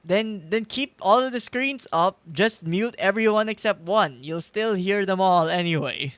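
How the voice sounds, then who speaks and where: A man's voice: high voice, unhurried, fairly bright tone, smooth, dry recording. A man streaming a game, chatting casually, laughing and reading text aloud. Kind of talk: casual gameplay commentary.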